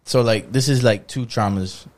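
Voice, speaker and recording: A man co-hosting a podcast, calmly asking probing follow-up questions. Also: lowish voice, moderate pace. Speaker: podcast co-host.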